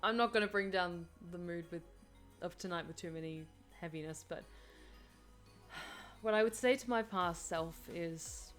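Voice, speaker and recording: Chatty woman streaming with soft music. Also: lowish voice, measured pace. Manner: chatty, with many fillers and frequent laughs. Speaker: streamer answering viewer questions. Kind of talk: casual live-stream chat.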